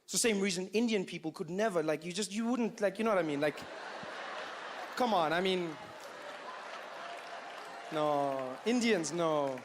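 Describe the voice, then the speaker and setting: A male stand-up comedian performing a routine in an animated way, full of "you know" asides. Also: high-pitched, brisk, few pauses, noisy background.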